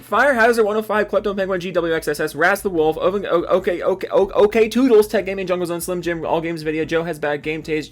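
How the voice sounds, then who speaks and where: A young gaming YouTuber from Seattle, USA, with a fairly high male voice, curses and sounds annoyed. He rants through his commentary in an exasperated, profane, sarcastic way, with sudden loud yelps, and reads out supporter names.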